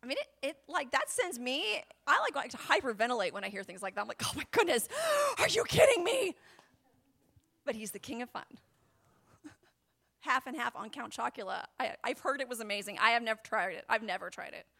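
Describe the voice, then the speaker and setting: A woman preaching a sermon, animated and chatty, often dropping to a whisper and laughing. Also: fairly high pitch, a little fast, vocal fry.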